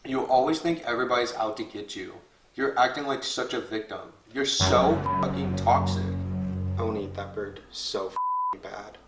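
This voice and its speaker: A man's voice: medium pitch, wildly swooping pitch, moderate pace. A man voicing a smug male house critter who thinks he is the star of the house, whiny and swearing. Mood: scornful. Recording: echoey room with loud music.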